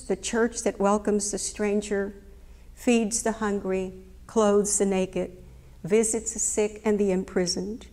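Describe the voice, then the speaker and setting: A middle-aged woman delivers a sermon with a measured, emphatic cadence. She repeats key phrases for stress, and her voice sits at an ordinary middle pitch. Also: fairly even intonation, a little mellow. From United States. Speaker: preacher.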